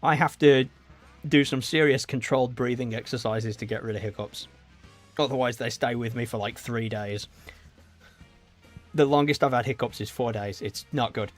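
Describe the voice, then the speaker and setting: A man's voice: mid-range voice, moderate pace. A young British man chatting casually on a gameplay livestream, reading chat aloud and rambling with frequent ums while fighting off hiccups. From Britain. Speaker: streamer. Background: game music.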